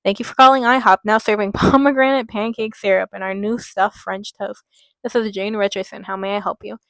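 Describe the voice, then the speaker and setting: A woman's voice: medium pitch, steady tone, fairly quick, fairly bright tone, no echo, natural voice, low-quality recording. A woman voicing a chatty, easygoing young woman with a put-on Texan drawl. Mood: polite.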